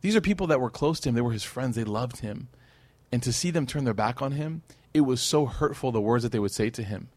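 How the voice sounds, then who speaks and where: Guy giving a quick chatty religious class, jokes around with the room, tosses in arabic recitation, dry close sound. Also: mid-range voice, no room sound. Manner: animated, conversational, jokes with the audience. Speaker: Islamic teacher. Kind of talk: casual storytelling lecture.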